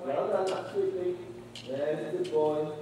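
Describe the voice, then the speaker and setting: A man coaching a dressage rider, slightly high-voiced and full of steady praise and playful teasing. He sounds distant from the microphone, with his voice booming around a big indoor arena and a long reverb tail. Faint ambient hiss sits underneath. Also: moderate pace. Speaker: riding instructor. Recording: echoey arena, voice from far off.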